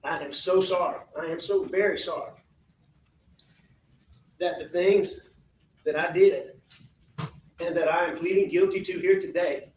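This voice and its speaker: A man addresses a courtroom in a slow, halting statement, repeating his apologies with a fairly high voice. The sound is roomy and reverberant, picked up from a distance with a faint hiss beneath. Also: steady tone, darkish tone. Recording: echoey distant courtroom audio.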